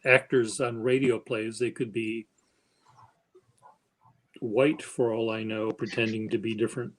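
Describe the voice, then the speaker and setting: Slow, flat-voiced man hosting a chat. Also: lowish voice, low-quality recording. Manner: slow, halting, self-described monotone. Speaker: stream host. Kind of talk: casual chat.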